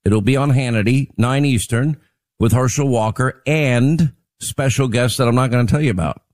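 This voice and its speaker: Radio talk guy, teasing and wry, mid pitch, chatty. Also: darkish tone. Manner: wry, teasing, quick asides. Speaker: radio talk show host. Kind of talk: casual on-air banter. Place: on location for a town hall broadcast.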